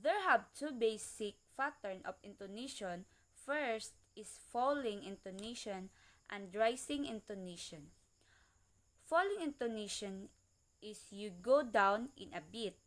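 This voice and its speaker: A woman giving an English lesson, speaking slowly and carefully and repeating each example word. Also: medium pitch, a bit bright. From Philippines. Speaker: student presenter. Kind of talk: slow classroom-style lesson reading.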